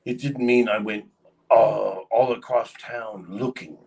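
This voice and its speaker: A man's voice: mid-range voice, steady tone, a little slow, darkish tone, recorded from a distance, rough recording. A man casually telling a long story on a livestream, rambling with lots of fillers. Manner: rambling, many fillers, acts out quoted voices.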